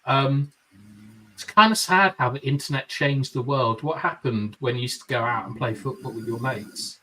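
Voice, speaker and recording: A man's voice: medium pitch, normal speed, bright, forceful tone, recorded from a distance, a little hiss or hum, rough recording. A man hosting a casual live football fan show, reading out viewer comments with jokey asides. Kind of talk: casual live-stream chat.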